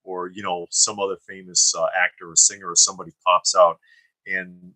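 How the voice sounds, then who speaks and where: A man's voice: sits low, little pitch movement, fairly quick, bright, forceful tone, no echo, poor audio. A man co-hosting a live stream, chatting casually and reading viewer comments, rambling with fillers and restarts. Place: studio.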